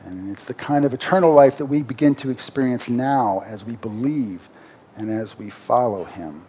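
A man's voice: mid-range voice, dark tone, a little hiss or hum. Man teaching scripture in a sermon. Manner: conversational Bible teaching with emphatic rises on quoted verses. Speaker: preacher.

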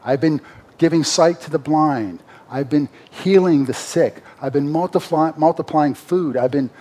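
A man's voice: on the high side, darkish tone, slight background noise. A man preaching a sermon, explaining a Bible passage in a conversational way and rising emphatically when he reads the verses.

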